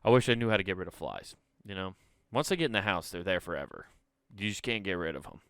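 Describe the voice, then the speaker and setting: A man rambles through a solo comedy podcast, cursing freely. His low voice is smooth and clear, recorded close and dry. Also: quick pace, no echo. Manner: rambling, profane, animated.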